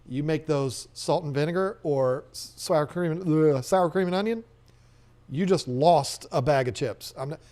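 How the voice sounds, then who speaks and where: A man hosts a live stream, reading viewer comments and riffing on them in a loose, joking way. He rambles and restarts his sentences as he goes. His voice sits a little high for a man. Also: a little mellow.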